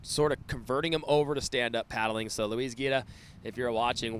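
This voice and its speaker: A man's voice: mid-range voice, a little fast, a little hiss or hum. A man calling a live surf contest play-by-play, enthusiastic and often laughing. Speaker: surf commentator. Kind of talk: live sports commentary.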